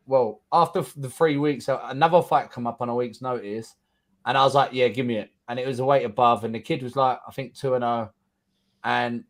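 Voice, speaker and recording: A man in his thirties with a London accent, telling his story in a casual interview, blunt and swearing freely as he acts out what people said. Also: medium pitch. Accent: London English. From England. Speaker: guest fighter.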